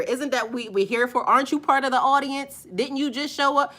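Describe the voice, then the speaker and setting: A middle-aged woman with a bright, sharp voice, chatting on a live stream. She answers her viewers with blunt, sassy comebacks. When something sets her off, she gets much louder and higher. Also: moderate pace, few pauses. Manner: sassy, blunt, talks back to commenters; rises loud and high when worked up. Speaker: spiritual live-stream host.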